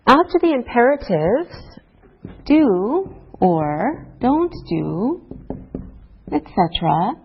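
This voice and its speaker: A woman teaching an English grammar lesson to a class, speaking slowly and deliberately through example sentences. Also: a little high, sing-song, slight background noise. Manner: slow, deliberate teacher talk with rising and falling example tags. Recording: dull lo-fi course recording.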